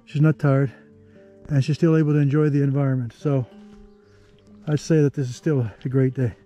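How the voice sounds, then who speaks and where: A man narrating a hike to the camera on an outdoor canyon trail, easygoing and chatty, thinking aloud with pauses. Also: medium pitch, flat delivery, warm tone, soft background music. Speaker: travel vlogger.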